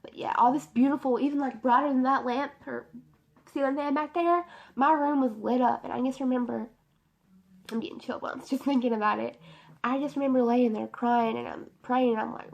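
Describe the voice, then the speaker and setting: Young woman, gravelly emotional storytelling. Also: sits high, steady tone, brisk, a little mellow, highs cut off. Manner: emotional, rambling storytelling with many fillers. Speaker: beauty vlogger. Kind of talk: personal testimony vlog. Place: bedroom.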